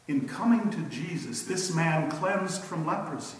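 A male preacher giving a sermon with slow, emphatic storytelling and rhetorical questions. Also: fairly high pitch, animated, slight background noise. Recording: echoey hall from a distance.

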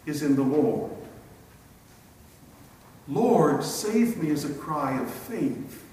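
A man preaching a sermon with slow, emphatic phrasing and long dramatic pauses. His voice sits somewhat high for a man. He is recorded from far off in a church, with a long, booming reverb. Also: a little hiss or hum. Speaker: pastor. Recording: echoey church hall from far off.

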